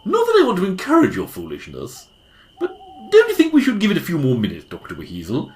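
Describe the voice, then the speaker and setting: A performer plays a pedantic goose sidekick in a homemade audio drama. The goose corrects everyone in a deadpan tone, yet the voice jumps through a huge range of pitch. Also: fairly quick. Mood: sardonic. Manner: sardonic, correcting, deadpan asides. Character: dry, pedantic goose companion. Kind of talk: hobby audio drama acting.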